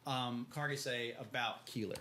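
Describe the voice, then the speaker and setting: Bright-voiced man recapping casually. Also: mid-range voice, steady tone, measured pace. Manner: loose, slangy retelling, acts out quotes. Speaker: podcast co-host. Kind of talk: casual book discussion.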